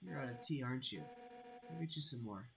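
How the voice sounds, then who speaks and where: A man reading a game aloud while voicing a brash, hot-headed female fish warrior captain in a loud, blunt way. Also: medium pitch, lively intonation, brisk, creaky, a little hiss or hum, low-quality recording. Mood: confiding. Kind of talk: reading game dialogue aloud on a live stream.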